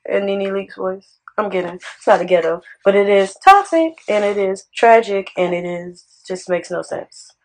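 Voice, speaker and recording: A woman hosting a podcast, talking in a sassy, animated, conversational way. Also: medium pitch, moderate pace, poor audio. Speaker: podcast host. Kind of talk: casual podcast chat.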